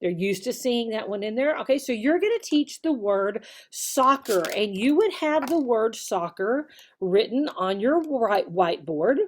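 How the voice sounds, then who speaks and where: A woman online English teacher explaining how to run a demo lesson, alternating her slow, exaggerated classroom voice with casual explanation. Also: fairly high pitch, expressive. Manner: slow, exaggerated teacher talk to an imagined child.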